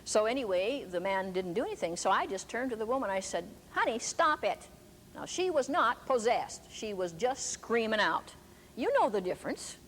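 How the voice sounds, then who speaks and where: A woman's voice: mid-range voice, expressive, normal speed. An older woman preaching a sermon, telling stories emphatically. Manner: emphatic storytelling. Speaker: preacher and teacher. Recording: echoey hall with faint background noise.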